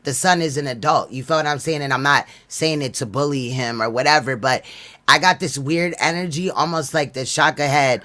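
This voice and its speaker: Man, livestream host, bright tone, higher pitch, slangy laughing chat. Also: fairly quick. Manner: loose, laughing, slangy storytelling.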